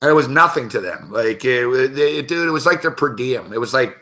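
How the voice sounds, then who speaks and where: A man's voice: mid-range voice, expressive, a little fast, sharp tone. A man on a sports betting show telling a heated story in casual, profanity-heavy talk.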